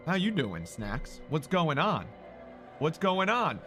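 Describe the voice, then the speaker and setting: A man live-streaming who talks loudly and excitably, swearing and greeting viewers in chat. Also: high-pitched, takes it slowly, soft background music.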